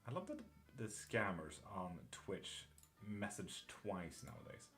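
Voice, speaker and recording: This deep-voiced man talks a little slowly, with lively intonation and a slightly bright tone, as soft music plays behind him. Born in Sweden, he has a patchy Irish-British accent and hosts a casual live tarot stream from his English home, cursing offhandedly and laughing at viewers' messages.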